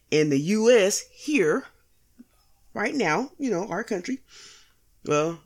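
A woman hosting a casual solo podcast, blunt and profane, joking with slang and laughing at her own lines. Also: low-pitched. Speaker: podcast host.

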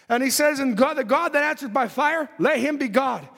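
A man preaching a fervent sermon, reading scripture aloud and rising to shouts at the peaks. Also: very high-pitched, very animated, fairly quick. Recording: long hall reverb.

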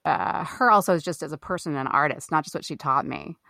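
Actor guest, middle-aged woman from the Midwest, slightly low, bright and forceful, emphatic and candid, close dry sound. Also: fast, creaky, no echo. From American Midwest. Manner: animated, emphatic, swears freely. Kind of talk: candid storytelling in an interview.

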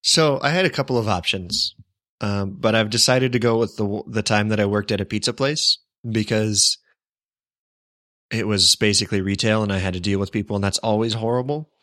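This young man's voice sits on the low side with a slightly bright tone, at normal speed, recorded dry with clean studio sound. He's co-hosting a podcast and spinning a long story in casual chat, often restarting and tossing in self-deprecating asides.

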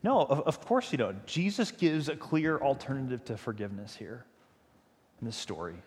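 A man preaches a sermon, retelling a story in a chatty yet emphatic way. His voice sits at an ordinary middle pitch. The sound rings with the long echo of a large church hall. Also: big pitch swings, normal speed, darkish tone. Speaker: pastor.

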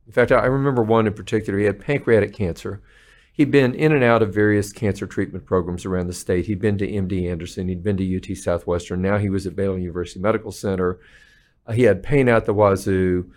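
A man with a fairly low voice talks as a guest in an interview. He is an earnest physician who slips into patients' voices while telling stories. His tone is steady and conversational. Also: fast. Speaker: palliative care physician, podcast guest.

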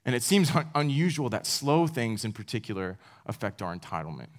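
A man's voice: mid-range voice, big pitch swings, a little fast. Young man giving a casual sermon. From United States. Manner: casual, self-deprecating, with laughs. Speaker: campus speaker. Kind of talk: sermon to college students.

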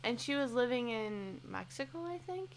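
A woman's voice: on the high side, sing-song, moderate pace, slight background noise. A woman guest on a podcast, chatting casually and telling stories. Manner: chatty, storytelling.

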